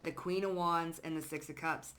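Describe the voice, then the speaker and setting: A young woman runs through a tarot reading in casual, slangy speech full of cursing and emphasis. Her voice sits a bit low, with a bright, forceful edge. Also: steady tone, moderate pace, a little hiss or hum. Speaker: tarot reader.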